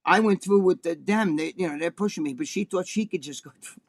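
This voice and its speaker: A man with a high voice tells a profane story on a talk show. He is animated and acts out the people he quotes as he complains. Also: fairly quick. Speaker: co-host.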